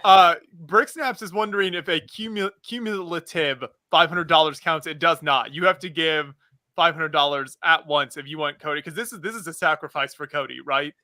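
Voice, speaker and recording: Upbeat bright-voiced livestream host man. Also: on the high side, normal speed, dry recording, studio quality. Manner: upbeat, reads donor names and incentives. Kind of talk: casual livestream chat.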